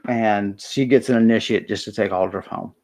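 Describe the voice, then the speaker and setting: A man's voice: on the low side, fairly even intonation, normal speed, darkish tone. A man narrating a tabletop role-playing game as game master, chatty and hesitant.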